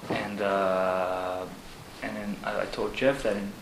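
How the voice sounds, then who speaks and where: A man, a Zen monk, talking casually about monastery life, halting with fillers and laughing as he tells stories. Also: on the low side, level tone. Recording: echoey room with background noise.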